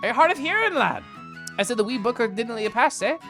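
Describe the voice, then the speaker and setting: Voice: mid-range voice, animated, quick pace, voice pushed up, lightly acted. A streamer voicing a male squirrel bard with a put-on Scottish accent, folksy and teasing, reading game dialogue aloud over faint music. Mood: hearty. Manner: folksy, teasing, calls people lad.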